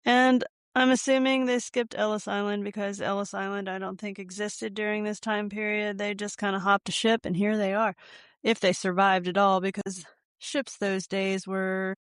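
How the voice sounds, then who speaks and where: A woman's voice: medium pitch, flat delivery, normal speed, clean tone, no echo, studio quality. A woman hosting a casual solo podcast, talking in a wry, irreverent way full of joking asides. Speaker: podcast host.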